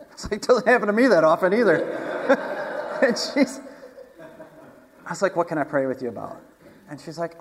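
Guy preaching, chatty and laughing a lot, kinda high voice. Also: big-room sound. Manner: chatty, laughs often, repeats words. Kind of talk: informal sermon with personal story.

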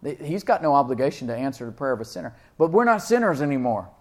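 A man preaching a sermon, reading scripture slowly and asking his listeners questions, with loud emphatic peaks and frequent laughs. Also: mid-range voice, very animated. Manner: reads King James verses slowly and deliberately; asks the congregation questions and laughs often.

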